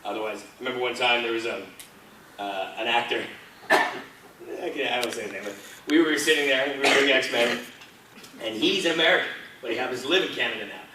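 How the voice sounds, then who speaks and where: This man, a guest on a convention panel, tells chatty stories quickly in a mid-pitched voice. The clip was shot from audience seating in the hall, so it sounds far-off and echoey under heavy background noise.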